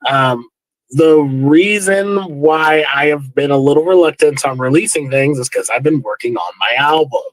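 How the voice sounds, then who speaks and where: A man being interviewed as a guest musician, easygoing and halting, repeating words as he searches. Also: fairly high pitch, no echo, poor audio. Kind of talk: casual interview chat.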